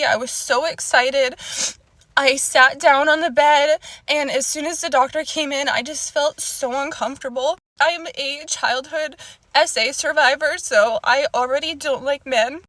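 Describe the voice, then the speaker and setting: A woman's voice: sits high, a little slow, fairly bright tone, no room sound. A young woman telling an upsetting personal story in an earnest, emotional vlog rant.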